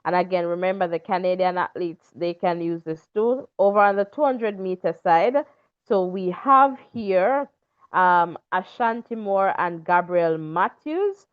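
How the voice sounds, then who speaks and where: Woman host, slow and unhurried, smooth voice, dull lo-fi sound; reads name lists casually. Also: lowish voice. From Jamaica. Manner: reads lists of names, with fillers. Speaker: show host. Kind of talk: casual talk show commentary. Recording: dull lo-fi recording.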